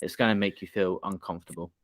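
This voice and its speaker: Teasing podcast host with a low voice. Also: male voice, fairly even intonation, fast, fairly bright tone, dry recording. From United Kingdom. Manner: chatty, teasing, laughs often. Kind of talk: casual interview chat.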